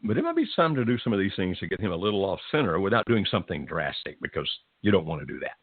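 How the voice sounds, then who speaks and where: Low husky guy giving gentle advice on a call-in show, sounds tinny like a phone line. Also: very fast, dry recording. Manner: calm, gentle, reassuring advice. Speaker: radio advice host.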